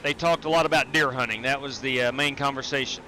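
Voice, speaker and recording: A man's voice: mid-range voice, fairly even intonation, fast talker, bright, forceful tone, slight background noise. A man streaming a sim race, chatting casually and greeting viewers while he drives. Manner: frequent fillers and restarts. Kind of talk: casual live-stream commentary.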